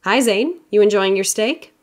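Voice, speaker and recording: A woman's voice: medium pitch, moderate pace, pitched above the performer's own voice, close to an everyday voice. A woman reading a bubbly young waitress. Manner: upbeat, energetic delivery.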